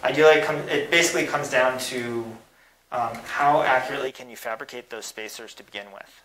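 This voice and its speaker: A man's voice: medium pitch, a little fast, fairly bright tone, a little hiss or hum, rough recording. A man giving thoughtful, technical answers in an academic Q&A, with many small hesitations. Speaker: guest speaker answering questions.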